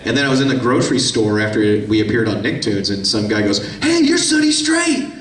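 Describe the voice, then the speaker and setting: A lively man in his forties, talking loosely and acting out voices as he tells stories from a convention stage. His voice sits on the low side. It is picked up from across an echoey room with a faint hiss underneath. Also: fast, far from the mic. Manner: chatty, animated, acts out quoted voices. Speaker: voice actor on a convention panel. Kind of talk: casual storytelling with audience questions.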